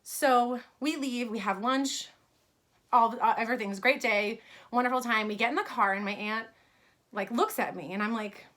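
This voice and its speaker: A woman's voice: fairly high pitch, normal speed, a bit bright. A woman in her thirties from New York, telling a personal story in a casual vlog about her fashion brand, chatty with many fillers.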